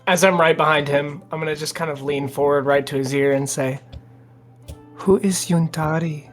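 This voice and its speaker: A man playing a tabletop game, pitching ideas eagerly and playfully. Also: level tone, a little fast, over music. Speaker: player.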